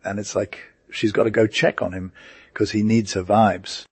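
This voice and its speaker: Husky low-voiced male storyteller. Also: little pitch movement, normal speed, darkish tone, dry recording. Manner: casual, slang-heavy storytelling. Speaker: narrator. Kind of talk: slangy retelling of a classic story.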